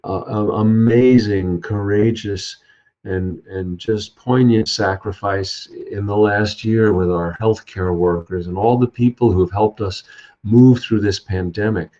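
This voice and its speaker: A man's voice: on the low side, fairly even intonation, measured pace, warm tone. A man telling an old folk tale and reflecting on it, speaking unhurriedly with many fillers and restarts. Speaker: storyteller and speaker. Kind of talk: reflective spiritual talk. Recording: dull lo-fi sound.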